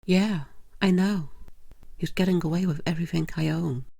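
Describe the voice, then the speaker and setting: Man voicing a deadpan lady cat panelist, higher pitch, gravelly edge. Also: moderate pace, no echo, studio quality. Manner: deadpan absurd one-liners. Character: dim, scheming female cat panelist.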